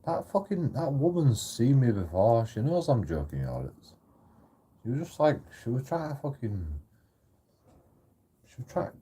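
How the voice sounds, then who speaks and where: A man's voice: medium pitch, big pitch swings, moderate pace, pauses often, mellow, husky. A man telling a sweary, rambling, indignant story in a casual vlog. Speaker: YouTube auditor and streamer.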